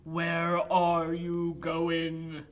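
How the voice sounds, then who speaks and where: A woman reading aloud and voicing a big, gruff troll, slow and low. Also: completely flat delivery.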